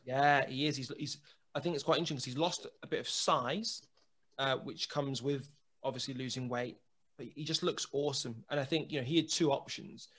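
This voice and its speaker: A man, a guest telling a lively anecdote in casual chat, full of restarts and acted dialogue. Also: mid-range voice, a little fast. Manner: lively storyteller, many restarts and quoted dialogue.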